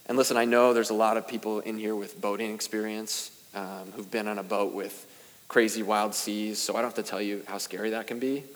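A man's voice: lowish voice, fairly even intonation, brisk, big-room sound. A young adult male pastor preaching a sermon in a casual, self-deprecating way, with rising emphasis at key points. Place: church sanctuary.

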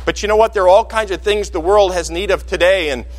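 High-voiced pastor preaching in a reverberant hall. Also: male voice, quick pace. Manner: animated storytelling, acts out quoted voices. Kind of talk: sermon. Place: church sanctuary.

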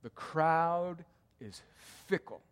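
A man preaching a sermon as pastor, emphatic and repetitive, swinging from loud cries to hushed, quiet passages. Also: fairly high pitch, animated, extremely slow, smooth. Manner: emphatic, repeats key lines, swings between loud cries and hushed tones. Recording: long hall reverb.

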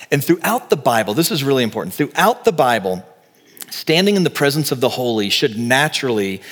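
A man's voice: mid-range voice, a bit bright, long reverb tail. A man preaching a sermon, telling a story with animation and acting out the voices he quotes. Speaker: pastor.

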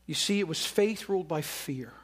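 Male preacher, high-pitched, chatty sermon delivery with acted-out quotes. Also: lively intonation, moderate pace, fairly bright tone, slightly rough. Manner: conversational preaching with dramatic quoted voices. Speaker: pastor.

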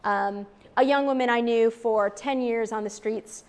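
High-voiced woman in her 30s, outreach worker talking faith to a room, earnest, keeps repeating stuff for emphasis. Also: steady tone, measured pace, a little mellow, smooth. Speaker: street outreach worker giving a talk. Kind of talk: faith-based talk to a live audience.

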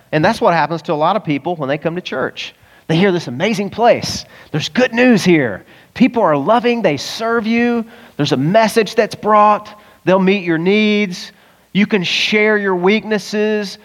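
A man gives a sermon in an easygoing, conversational way, slipping into little voices for the people in the story. His voice sits a bit high for a man. The sound carries a long reverb, like a large church hall. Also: unhurried. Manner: animated, acts out voices of Bible characters, chuckles often. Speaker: pastor.

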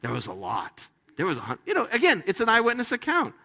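A man preaching a sermon as a pastor, talking in a conversational way with playful, animated asides. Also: high voice, quick pace, husky, big-room sound.

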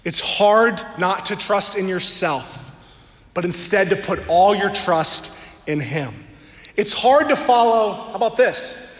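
Earnest male pastor, high voice, sermon in a church with long ringing reverb. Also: animated. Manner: earnest, draws out key words slowly for emphasis. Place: church sanctuary before a congregation. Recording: echoey hall with long reverb.

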